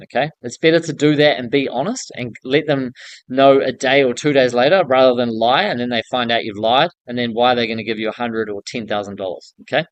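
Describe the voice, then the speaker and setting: A man's voice: mid-range voice, brisk, no room sound. A man giving casual, blunt business advice to newcomers in the building trade, often checking in with "okay?". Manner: direct coaching tone, often ends points with "okay?". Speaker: building contractor coaching newcomers.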